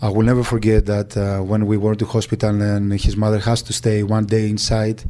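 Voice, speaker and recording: Soft-toned man recalling. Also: lowish voice, completely flat delivery. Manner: halting, searching for words. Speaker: agent. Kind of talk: interview recollection.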